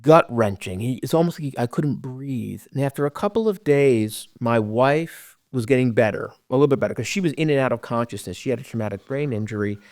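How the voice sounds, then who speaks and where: A middle-aged man telling his own story as a podcast guest, earnest and halting, often dropping to a hush. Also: medium pitch, animated, dry recording, clean studio sound. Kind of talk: personal storytelling.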